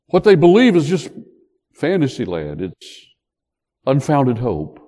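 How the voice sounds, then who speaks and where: An older man preaching a sermon, telling the story in an animated way and joking with the congregation. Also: mid-range voice, a little slow, long pauses. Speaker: pastor. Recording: long hall reverb.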